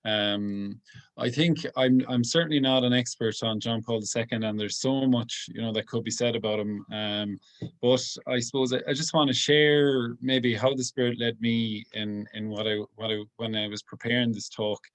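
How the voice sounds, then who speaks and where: A priest speaking to a gathering in a relaxed, informal way. His voice sits at an ordinary middle pitch, and he pauses often as he thinks aloud. He comes across as earnest and soft-spoken. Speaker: priest giving a talk. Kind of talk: informal talk to a group.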